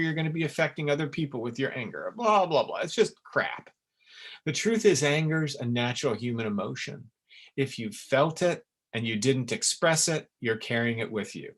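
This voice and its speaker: A man teaching in a webinar, in an earnest and emphatic way, with sudden lively jumps in pitch. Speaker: essence maker teaching a webinar. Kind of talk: webinar talk. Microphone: webinar recording.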